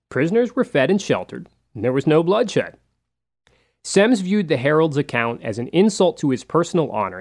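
Relaxed man narrating history. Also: on the high side. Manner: relaxed, loose delivery with frequent fillers and asides.

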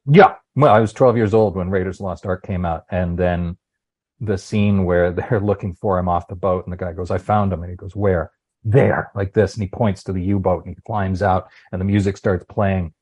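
A man's voice: low-pitched, fairly even intonation, a little fast, darkish tone. A man in his fifties, a voice actor, talking passionately in an interview and searching for words. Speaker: voice actor guest. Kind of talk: conversational interview chat.

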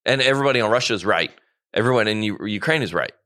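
A man's voice: fairly low pitch, animated, racing, bright, forceful tone. A man co-hosting a comedy podcast, talking in a rambling, self-interrupting way and laughing easily. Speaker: podcast co-host. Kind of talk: casual comedy podcast chat.

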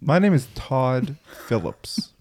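A man playing a self-serious male podcaster in a comedy bit, talking in a mock-earnest, deadpan way. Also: mid-range voice, slow pace, heavily acted.

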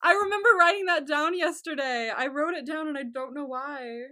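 A young woman with a high, bright voice chats casually on a podcast. She is excitable, giggles often and swears freely. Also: fairly quick. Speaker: podcast co-host. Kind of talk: casual chat.

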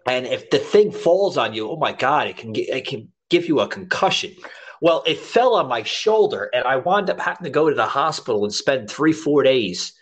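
A man hosting a podcast, telling a rambling, animated story full of restarts. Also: medium pitch, moderate pace, husky. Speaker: podcast host. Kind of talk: casual chat, storytelling.

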